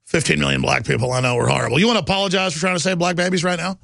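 A middle-aged man hosting a talk radio show in an impassioned, rambling rush that drops to low asides and climbs back up. His voice is bright and sharp, with a heavy gravelly rasp and a slightly raised pitch. The sound is dry and close. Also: fairly even intonation, rapid-fire, no room sound. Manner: impassioned, rambling, swings between loud and low. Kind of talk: fiery talk radio monologue.

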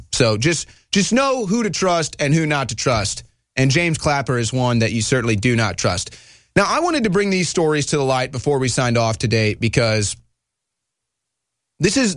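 A man's voice: a little high, a bit bright, no echo, clean studio sound. A man hosting a political talk show, ranting in heated, emphatic outbursts. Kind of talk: fiery political commentary.

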